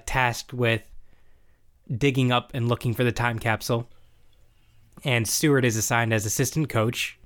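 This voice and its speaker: A man's voice: medium pitch, a bit bright, clean tone. Male co-host, casual, acts out quoted lines while recapping. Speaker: podcast co-host recapping a show. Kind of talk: casual chat.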